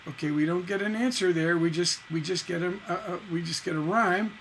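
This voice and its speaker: A middle-aged man teaching songwriting on a livestream, emphatic and lively, reciting and half-singing lyric lines as examples. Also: high-pitched, fairly quick, a little hiss or hum, low-quality recording. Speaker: songwriting instructor.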